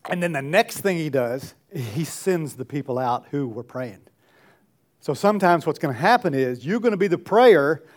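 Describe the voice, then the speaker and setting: A pastor preaching a sermon to his congregation, earnest and pleading, often dropping to soft, quiet phrases. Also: a little high. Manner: earnest, pleading, drops to soft near-murmurs.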